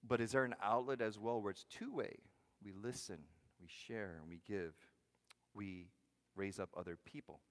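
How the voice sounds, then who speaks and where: In a hall with long reverb, a male pastor delivers a conversational sermon in a lowish voice at a moderate pace. He poses questions to the congregation and alternates between loud, punchy lines and hushed ones.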